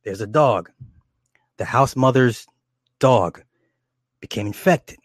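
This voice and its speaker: A man casually retelling a horror movie's plot in a rambling, animated and profane way, with many restarts. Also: mid-range voice, slow, dry recording, clean studio sound. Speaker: storyteller recounting a horror movie.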